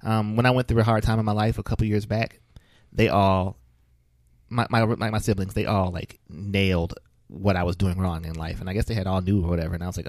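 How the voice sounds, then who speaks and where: A man's voice: low voice, fairly even intonation, quick pace, a little mellow, no echo, clean studio sound. A man hosting a podcast, telling stories in a loose, joking way and laughing often. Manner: loose, chatty storytelling. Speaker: podcast host. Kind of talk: casual chat.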